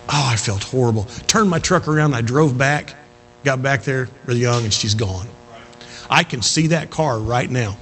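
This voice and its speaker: A man preaching a sermon, telling stories with emphatic, rising exhortations and quieter narrated stretches. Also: medium pitch.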